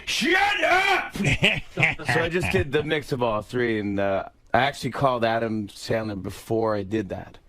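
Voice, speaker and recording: A man, a comedian guest on a radio show, telling quick anecdotes full of laughter and impressions. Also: lowish voice, over a noisy crowd. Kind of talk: radio interview. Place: radio studio.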